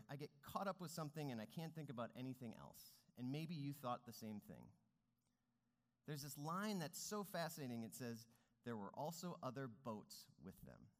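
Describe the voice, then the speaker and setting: A man's voice: mid-range voice, fairly bright tone. A man preaching a sermon as pastor, speaking earnestly with rising and falling emphasis. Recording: long reverb of a large hall.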